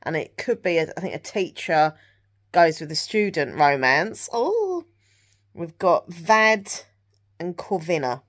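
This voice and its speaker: A chatty woman from England vlogs at home in the evening, her voice sitting a little low for a woman. She carries a Southern English accent and rambles loosely, with plenty of ums and likes. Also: animated, measured pace, a bit bright. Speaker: vlogger. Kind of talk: casual chat to camera.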